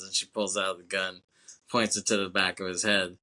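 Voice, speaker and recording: A man's voice: low voice, little pitch movement, normal speed, sharp tone. A man co-hosting a podcast, casually retelling a film's plot in a loose, rambling way, swearing and laughing often. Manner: loose, rambling retelling with fillers and acted quotes. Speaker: podcast co-host. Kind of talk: casual film recap chat.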